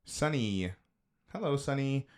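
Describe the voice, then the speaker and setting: A man's voice: medium pitch, lively intonation, unhurried, clean tone. A man co-hosting a live stream in casual chat, teasing his co-host and swearing freely. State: feeling hot.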